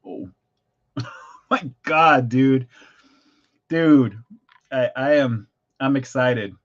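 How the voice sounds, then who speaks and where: A man hosting a livestream snack review, chatty and excitable as he tastes and describes food. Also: mid-range voice, very slow, lo-fi sound.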